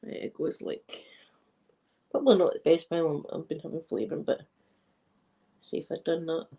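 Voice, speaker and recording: A woman's voice: deep voice, fairly even intonation, moderate pace, dark tone. A middle-aged woman with a Glaswegian Scottish accent, chatting playfully to her viewers in a casual vlog and laughing at her own jokes. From Scotland. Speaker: vlogger.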